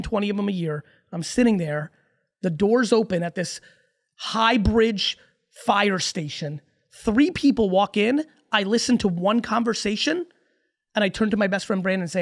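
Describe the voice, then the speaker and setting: A man in his forties, a podcast guest, talking in a casual, emphatic and profane way with rapid-fire stories. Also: high-pitched. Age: 40s.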